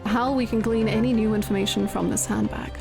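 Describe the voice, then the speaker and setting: A woman voicing a formal male judge, reading courtroom rulings in a grave, lowered tone. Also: fairly even intonation, a little fast, creaky, close to an everyday voice. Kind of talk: reading game dialogue aloud. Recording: game music underneath. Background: game music.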